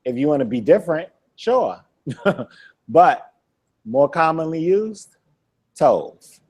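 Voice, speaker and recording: Animated, unhurried male language teacher. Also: a little high, slightly rough. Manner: playful, quizzes the student and laughs often; repeats words slowly for drilling. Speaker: Hebrew teacher. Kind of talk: classroom lesson.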